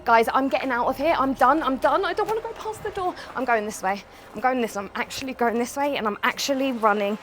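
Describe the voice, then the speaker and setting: A woman vlogging a ghost hunt in an abandoned house, talking to spirits, jumpy and swinging from hushed to loud. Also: high-pitched, expressive, brisk, slight background noise. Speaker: paranormal vlogger. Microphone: small mic on the camera.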